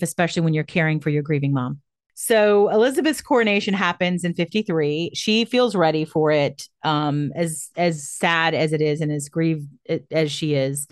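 Low-voiced woman telling a history story. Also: no echo, clean studio sound. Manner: storytelling, leads the retelling with frequent "um" and "I mean". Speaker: podcast co-host. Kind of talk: casual history chat.

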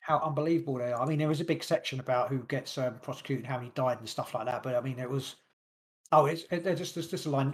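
A man hosting a podcast, reading long passages from his notes quickly and stumbling over words now and then. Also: medium pitch. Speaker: podcast host. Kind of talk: casual podcast chat, reading notes aloud.

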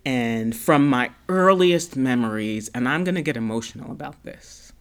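A woman's voice: rumbling low, expressive, moderate pace, few pauses, clear, resonant tone. A woman in her fifties from Brooklyn, New York, a parent and podcast guest. She tells her story earnestly and from the heart, often restarting and repeating for emphasis. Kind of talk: casual conversational storytelling.

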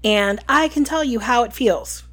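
A woman quoting a calm, blunt teenage girl while recapping a book. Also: a little high, normal speed. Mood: matter-of-fact. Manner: quoted plainly, matter-of-fact.

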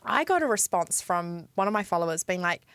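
A woman's voice: on the low side, very animated, fairly quick, fairly bright tone, smooth, no echo. A woman, co-hosting a podcast and recounting news in a chatty, matter-of-fact way. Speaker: podcast co-host. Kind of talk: casual chat.

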